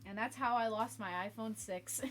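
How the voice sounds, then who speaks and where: A woman's voice: a little high, fairly even intonation, normal speed. A young woman streaming from her room at home, chatting casually with viewers and her cat and laughing often. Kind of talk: casual live-stream chat.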